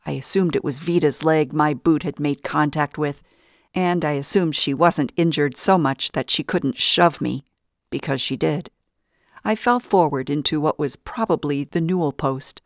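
A woman narrating a first-person audiobook in a steady storytelling manner. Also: low voice, unhurried, no room sound, clean studio sound.

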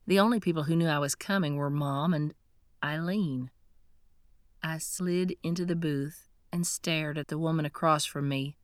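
A woman giving a steady, scripted first-person audiobook narration. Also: deep voice, normal speed, no room sound, clean studio sound.

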